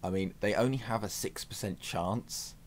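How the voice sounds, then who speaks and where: Deep-voiced man chatting over a strategy game. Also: moderate pace, slight background noise. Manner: chatty and self-mocking. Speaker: gaming YouTuber. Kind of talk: let's-play strategy game commentary.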